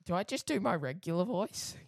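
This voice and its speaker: A woman's voice: fairly low pitch, lively intonation, a little fast, vocal fry, dry recording, clean studio sound. A young woman co-hosting a podcast, giggly and playful in casual chat. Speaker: podcast co-host.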